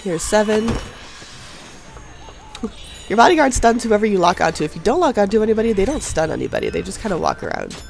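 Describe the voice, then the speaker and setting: A young man talks through his match in a relaxed voice-over, his nose clearly stuffed up from a cold. He rambles, jokes at his own expense and chuckles often. Soft music plays faintly underneath. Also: high voice, a little fast, long pauses. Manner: chatty, self-deprecating, laughs often. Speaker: gameplay commentator. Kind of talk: casual voice-over game commentary. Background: faint background music.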